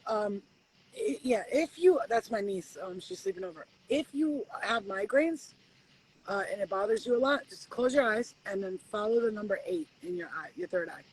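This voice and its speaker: A woman giving spiritual readings at home in a casual live-stream chat, animated and swearing freely as she acts out conversations with spirits. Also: medium pitch, moderate pace, a little hiss or hum, rough recording. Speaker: spiritual reader.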